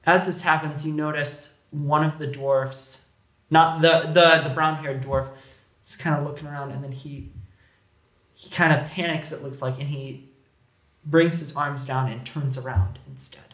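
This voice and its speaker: A man's voice: on the high side, steady tone, a little slow, fairly bright tone. A man narrating as game master, rambling with many restarts. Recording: echoey room.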